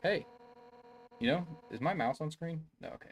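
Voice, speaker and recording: A man's voice: a little high, expressive, normal speed, gravelly, a little hiss or hum. Joking young man streaming a game. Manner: rambling and joking, chatting with viewers in chat. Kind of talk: casual live-stream commentary.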